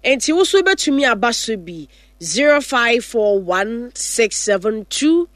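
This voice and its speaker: Woman, radio host, brisk, dry studio sound. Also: on the high side, big pitch swings, dry recording. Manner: brisk, repeating phone numbers slowly. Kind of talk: call-in radio chat.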